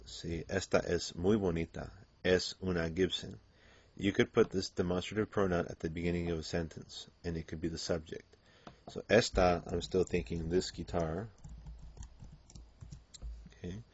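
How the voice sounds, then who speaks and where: A man's voice: deep voice, little pitch movement, normal speed, husky. A man teaching a Spanish grammar lesson in English, explaining patiently with frequent "okay" and "um". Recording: dull lo-fi lecture recording.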